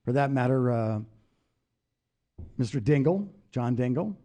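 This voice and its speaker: An older former congressman telling political stories in a casual interview, passionate and animated. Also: mid-range voice, unhurried. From United States. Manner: animated storyteller, raises voice in retold quotes. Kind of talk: anecdotal storytelling.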